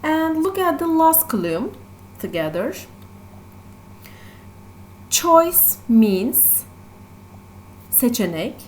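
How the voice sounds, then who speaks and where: A woman teacher with a Turkish accent who explains English vocabulary slowly, repeating each word and stressing its syllables. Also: fairly high pitch, slight background noise. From Turkey. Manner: slow and repetitive, stressing syllables. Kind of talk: classroom vocabulary lesson.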